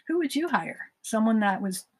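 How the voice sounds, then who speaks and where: A woman's voice: a little high, normal speed, husky. A woman hosting a self-help podcast, giving a motivational talk and acting out imagined conversations. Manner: acts out imagined dialogues in lively voices.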